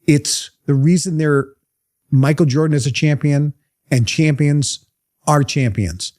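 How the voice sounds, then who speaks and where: A man's voice: fairly high pitch, slow pace, pauses often, a little mellow. A man giving an emphatic motivational talk to a live group, firing off rhetorical questions. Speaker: motivational seminar speaker.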